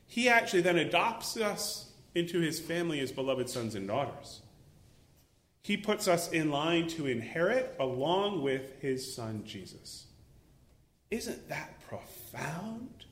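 A man preaching a sermon as a pastor, animated, acting out little voices and exclaiming as he goes. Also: a little high, measured pace, reverberant.

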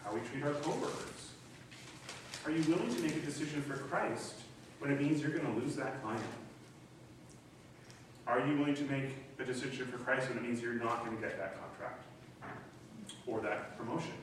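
A middle-aged man preaching a sermon as pastor, animated and acting out voices in the quoted dialogue. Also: medium pitch, normal speed, pauses often. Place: church hall. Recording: echoey room from a distance, faint noise.

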